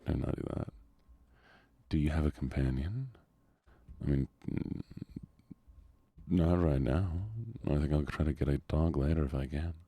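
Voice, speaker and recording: A young man streaming a game in a soft-spoken ASMR style, answering chat in a slow, hushed way with small chuckles, close to the microphone. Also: very deep voice, fairly even intonation, husky, no room sound.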